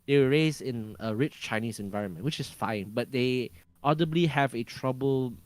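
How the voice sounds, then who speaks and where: This podcast guest is from Malaysia and speaks Malaysian English in a casual way, frequently searching for words, starting over and filling pauses. His voice is medium in pitch at a normal speed, recorded without room sound.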